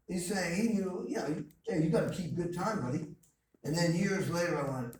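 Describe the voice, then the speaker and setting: A man delivers an emphatic, story-filled motivational talk, hammering home short repeated phrases. His voice sits a little high for a man. It is picked up from far off in a very echoey hall with faint background noise. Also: animated, normal speed. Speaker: guest speaker. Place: college lecture hall.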